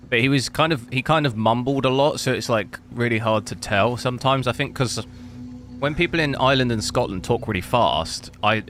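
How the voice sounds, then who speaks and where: A man's voice: mid-range voice, fairly bright tone, a little hiss or hum. A man from South Africa livestreaming a game, rambling casually as he answers chat messages. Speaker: gaming livestreamer. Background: game audio.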